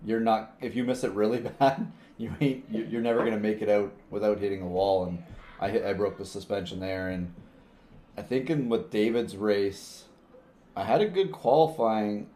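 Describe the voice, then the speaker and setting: A man's voice: fairly low pitch, moderate pace, warm tone. A man co-hosting a casual podcast, laughing and stumbling through his restarts. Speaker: podcast co-host. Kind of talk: casual chat. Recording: roomy with faint noise.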